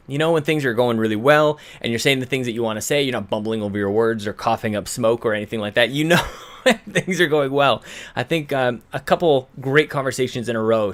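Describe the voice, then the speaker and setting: Here a male podcast host with a mid-range, fairly bright voice and lively intonation speaks fairly quickly. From his British Columbia home, he rambles chattily through the intro, fixing his words mid-stream while a bit short of breath.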